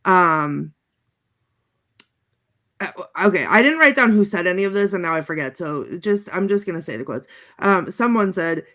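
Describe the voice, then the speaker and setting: A woman on a panel chatting casually, laughing often and halting with many fillers. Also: lowish voice, lively intonation, a bit bright. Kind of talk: casual chat, recounting movie quotes.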